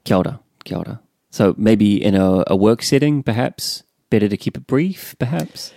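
A man co-hosting a language podcast as the learner, answering with soft murmured acknowledgments and quiet questions. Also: fairly low pitch, animated, moderate pace, gravelly, no echo, studio quality. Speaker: co-host learner. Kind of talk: relaxed podcast lesson.

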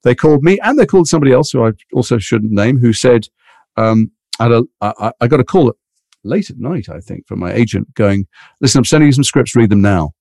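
A middle-aged actor telling animated anecdotes in an interview, acting out other people's voices. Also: male voice, medium pitch, fast talker, vocal fry, dry recording, studio quality. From England. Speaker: actor guest.

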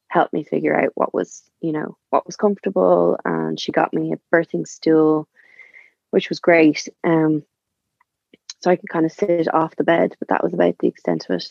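Low gravelly-voiced woman chatting. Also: a little mellow, no room sound, muffled recording. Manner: chatty, rambling, many fillers. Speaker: guest. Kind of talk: casual storytelling.

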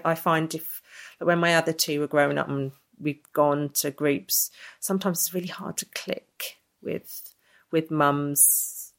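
Woman, low voice, chatty, laughing, acts out quotes. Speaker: interviewee, mother. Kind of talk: casual chat.

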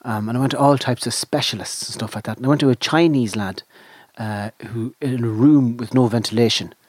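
Man in his fifties, podcast co-host, slightly husky voice, rambling storyteller, dry close sound. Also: medium pitch, fairly quick, a little mellow, no echo. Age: 50s. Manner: rambling, self-deprecating storyteller. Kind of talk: casual chat.

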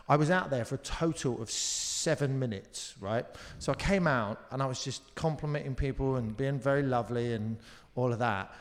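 Swearing, animated man from Surrey. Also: medium pitch, moderate pace, in a large hall. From Surrey, England. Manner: animated storyteller, swears freely. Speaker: comedian guest. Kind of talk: casual chat. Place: live talk show stage.

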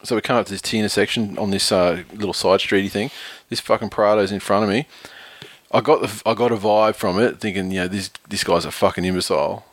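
Low-voiced man telling a story. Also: fast, no room sound. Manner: profane, animated storytelling with laughs. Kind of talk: casual chat, storytelling.

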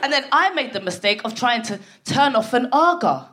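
A woman's voice: a little high, expressive, normal speed. Foul-mouthed woman doing stand-up. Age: 40s. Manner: swearing, storytelling, punchy asides to the crowd. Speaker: stand-up comedian. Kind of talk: stand-up comedy set. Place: theatre stage before a live audience. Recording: noisy live theatre recording.

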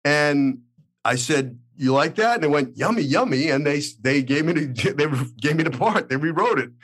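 A middle-aged man with a Brooklyn accent who hosts a casual interview and tells animated stories, leaning on "you know.". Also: fairly high pitch, normal speed. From Brooklyn, New York. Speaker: podcast host, actor.

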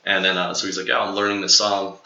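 A young man with a low, very bright and forceful voice tells a long personal story in loose, rambling chat. He leans on fillers and slips into little acted-out quotes as he goes. The recording sounds dull and lo-fi, in a roomy, echoing space. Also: little pitch movement, quick pace. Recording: echoey lo-fi room.

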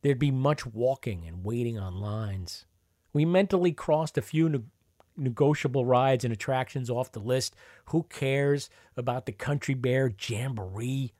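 A man's voice: medium pitch, measured pace, warm tone, no echo, studio quality. Wry man reading his memoir. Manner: wry, conversational storytelling. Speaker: narrator.

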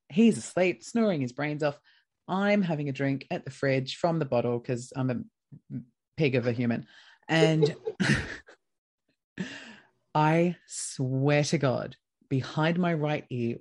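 Australian woman, podcast guest, lively storyteller who voices every quoted line. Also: a bass voice. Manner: lively, acts out quoted dialogue. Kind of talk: casual storytelling.

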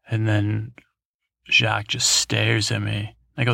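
A man's voice: lowish voice, little pitch movement, moderate pace, gravelly, fairly bright tone, dry recording, studio quality. A man hosting a podcast, telling a meandering, improvised bedtime story full of fillers and restarts. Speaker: podcast host.

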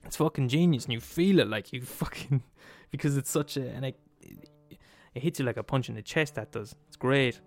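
With a creaky, mid-range voice, a man hosting a podcast rattles off a swearing-filled comic rant at normal speed, barely pausing. He's emphatic and repetitive, chuckling at his own jokes, while soft music plays behind a recording with no echo.

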